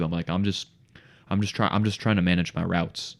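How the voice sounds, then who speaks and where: A young man co-hosting a podcast tells a story casually in a low, gravelly voice, talking fast. He's an animated storyteller who acts out what people said and keeps calling his listener "dude" and "bro."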